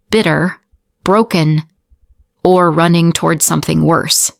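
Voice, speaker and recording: A woman's voice: fairly low pitch, no echo, studio quality. A woman narrating a first-person romance story, with dramatic pacing and short, broken fragments.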